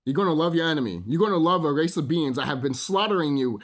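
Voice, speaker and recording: Animated man ranting casually. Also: a little high, fast talker. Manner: rambling and emphatic, heavy swearing; repeats phrases and asks "you know?". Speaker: channel host. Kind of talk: casual unscripted monologue.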